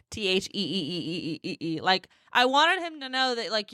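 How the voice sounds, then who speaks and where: A young woman hosts a solo podcast, telling a dating story in a sassy, exasperated way and laughing often. Her mid-range voice is fairly bright, with lively intonation, a normal speed and hardly any pauses. The recording is dry, with clean studio sound.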